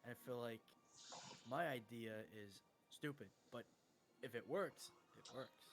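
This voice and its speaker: A man playing a tabletop game, speaking quietly and offhandedly. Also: medium pitch, unhurried. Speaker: player.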